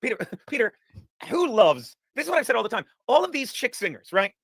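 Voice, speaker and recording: A man's voice: very high-pitched, very animated, a little fast, gravelly, a bit bright, no echo. A man hosting a casual talk show, rambling, profane and laughing through his stories. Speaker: podcast host. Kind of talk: casual chat.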